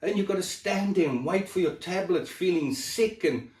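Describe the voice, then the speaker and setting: Set back from the mic in an echoey room, a man talks about his health struggles emotionally and rawly, swearing as he goes, with abrupt drops in level. His voice is high with a darkish tone, and he speaks at a normal speed.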